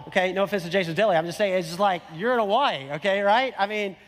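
A man's voice: high-pitched, fast, few pauses. A middle-aged man preaching a sermon, telling a story in a conversational way with emphatic repetition. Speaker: pastor. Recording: long hall reverb.

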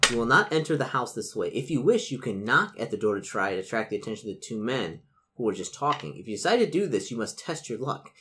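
A man's voice: mid-range voice, very animated, fast talker, noisy background. A man acting as game master, reading a gamebook's narration to his players with dry asides.

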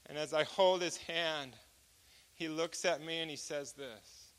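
A man preaching a personal testimony as an animated storyteller who acts out each exchange of dialogue. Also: a little high, a little slow. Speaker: speaker giving a testimony.

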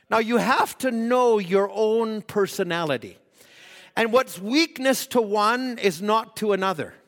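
Man, preacher, sermon, high voice, shifts between loud and hushed, church hall reverb. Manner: swings from loud exhortation to hushed, dramatized quotes.

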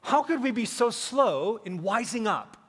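Pastor, man, fifties, high-pitched, emphatic preaching with rhetorical questions, long church reverb. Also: very animated, measured pace, a bit bright, husky. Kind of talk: sermon. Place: large church sanctuary.

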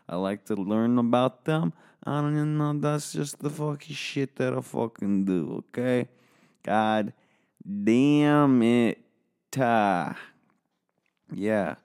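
A man with a fairly low voice and an American accent talks alone into an office microphone. He rambles in a sarcastic, cheerfully profane way, hosting his own podcast as a solo monologue. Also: darkish tone. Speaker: podcast host. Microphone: studio microphone.

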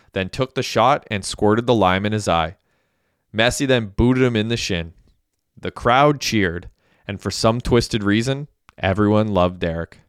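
A man reading a novel aloud in an even, steady storytelling manner. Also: lowish voice, smooth, no echo, studio quality. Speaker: narrator. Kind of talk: audiobook narration.

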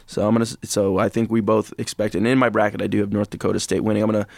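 Animated man ranting about sports. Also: on the low side, racing, creaky, no echo. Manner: animated, jokey, prone to rants. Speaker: podcast co-host. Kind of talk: casual sports betting chat.

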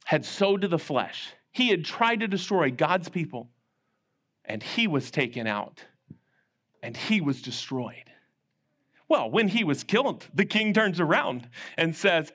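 High-voiced man telling a children's sermon. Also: a little slow. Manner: animated, acts out characters' lines with big pitch swings. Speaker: children's pastor. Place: church.

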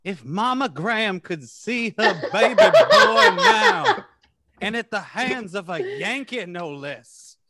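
A man's voice: sits high, wildly swooping pitch, takes it slowly, voice pushed up, exaggerated voice. A man putting on a prissy, genteel politician with a theatrical, drawling, swooning manner. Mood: scandalized. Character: prissy genteel Southern politician, fainting, scandalized.

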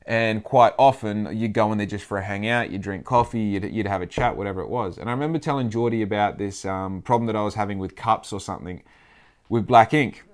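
A man's voice: lowish voice, a little fast, smooth. A man with an Australian accent talking casually in a rambling monologue, swearing freely and acting out the people he quotes.

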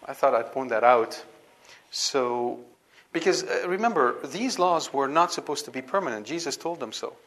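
A male Bible lecturer speaking at a mid-range pitch. He talks emphatically and keeps the class engaged with rhetorical questions. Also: fairly bright tone.

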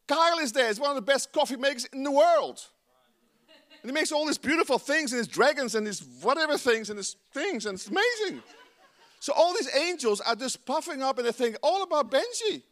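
A man with a Dutch accent preaching a sermon, playful and animated, often laughing at himself. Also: extremely high pitch, brisk. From Netherlands.

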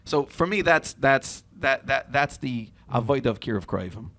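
Animated young man with gravelly voice. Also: mid-range voice, normal speed. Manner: animated storyteller, acts out dialogue. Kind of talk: casual podcast conversation.

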